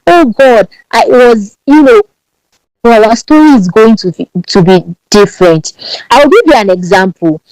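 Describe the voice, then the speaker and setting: Lively Nigerian woman with a Yoruba accent. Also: mid-range voice, moderate pace, no echo, low-quality recording. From Nigeria, Ibadan. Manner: animated, emphatic, repeats words as she speaks. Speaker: podcast guest, branding strategist. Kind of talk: podcast interview.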